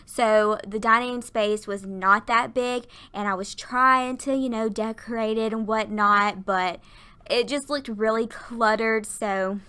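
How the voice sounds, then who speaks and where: A woman's voice: a little high, steady tone, unhurried, pushed and bright, smooth. A woman in her twenties, tired and out of breath, chatting and laughing as she narrates a game build at her workplace. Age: 20s. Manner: chatty and rambling, laughs often. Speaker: YouTuber narrating a Sims build. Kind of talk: casual voiceover chat. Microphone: desktop USB mic.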